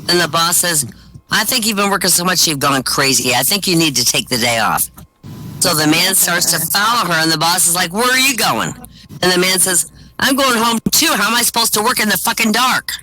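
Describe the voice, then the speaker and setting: Man telling lively deadpan jokes. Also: sits high, a little fast, a little hiss or hum, low-quality recording. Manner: deadpan one-liners with quoted punchlines. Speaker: stand-up comic. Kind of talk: stand-up joke telling. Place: virtual-world comedy venue, voice chat.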